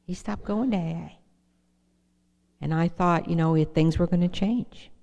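A middle-aged woman with a fairly low, creaky, dark voice tells an audience her personal recovery story at a measured pace. Her testimony is earnest and direct, and she often poses questions to her listeners. The lo-fi recording has a long reverb tail.

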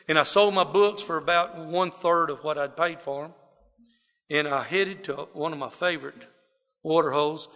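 Gravelly Texas man telling his story. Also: fairly high pitch, normal speed. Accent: Southern US, Texas. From South Texas. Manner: folksy, self-deprecating, animated storytelling with quoted voices. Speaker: speaker sharing his recovery story. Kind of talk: personal storytelling talk. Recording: long hall reverb.

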